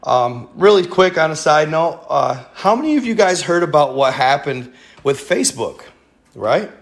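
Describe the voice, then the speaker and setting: A man's voice: fairly high pitch, sing-song, moderate pace, vocal fry. A man hosting a casual livestream, rambling with many fillers and talking straight to his viewers. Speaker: livestream host.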